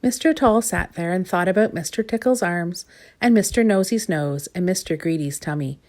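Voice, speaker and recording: A woman reading a children's storybook aloud, gentle and expressive, lingering on repeated words. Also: on the low side, normal speed.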